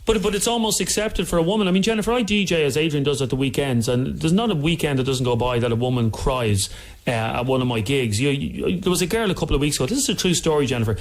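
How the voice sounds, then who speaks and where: Fast-talking radio co-host. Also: male voice, fairly high pitch, animated. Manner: storytelling, argumentative. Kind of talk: phone-in radio chat.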